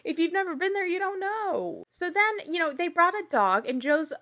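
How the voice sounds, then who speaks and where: A woman casually recapping a reality show, chatty and animated, with quick asides and laughs. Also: very high-pitched. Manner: acts out quoted lines in little voices.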